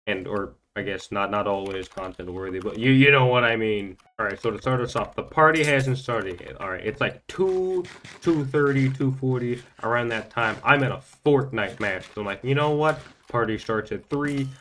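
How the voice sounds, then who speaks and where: Brief: young male gaming host, lowish voice, casual storytelling that rambles and stumbles, a faint hiss behind. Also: a bit bright. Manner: rambling, filler-heavy, stumbling repeats. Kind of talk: storytime commentary over gameplay.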